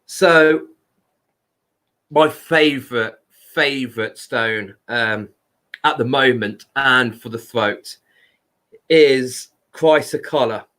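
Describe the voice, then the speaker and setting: A man hosting a live stream, talking casually and loudly to his viewers. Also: medium pitch. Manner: unhurried, chatty, talks to viewers by name; loud speaking voice.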